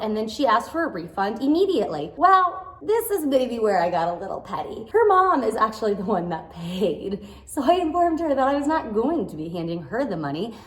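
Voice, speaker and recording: A woman in her thirties tells a storytime vlog from behind her desk in her own indoor playroom. Her voice sits high and swings a lot in pitch. The room adds a clear echo to her voice. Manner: chatty, expressive storytelling. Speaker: playroom business owner.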